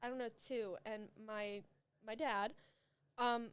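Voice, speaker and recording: A woman's voice: fairly high pitch, fairly even intonation, slow pace, a bit bright, clear, resonant tone. A young woman, a podcast guest, chatting casually and telling rambling stories with lots of laughter. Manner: giggly, rambling storyteller.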